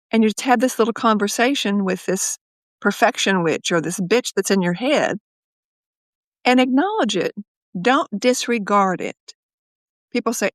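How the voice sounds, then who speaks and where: A woman's voice: a little high, moderate pace, fairly bright tone, no echo. A woman psychologist speaks as a guest on an interview podcast. She tells her stories with animation and often acts out her own inner voice in quotes. The recording is dry and close, with little room sound.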